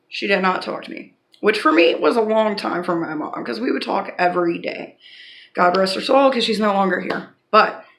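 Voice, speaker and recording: A woman with a bright, clear voice tells a personal story straight to camera. She talks in a casual, blunt, candid way, swearing freely. Her pitch sits in the middle range. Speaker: vlogger.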